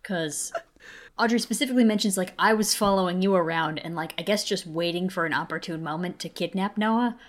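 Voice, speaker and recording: A woman's voice: fairly low pitch, a little fast. A woman co-hosting a podcast who makes dry, sarcastic asides about a TV show, swearing now and then. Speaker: podcast co-host. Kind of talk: casual chat about a TV show.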